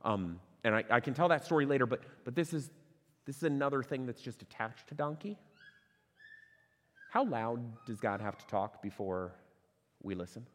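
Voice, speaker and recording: A man preaching a sermon as pastor, conversational and animated, asking rhetorical questions and restarting phrases. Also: medium pitch, moderate pace, pauses often, big-room sound. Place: church sanctuary.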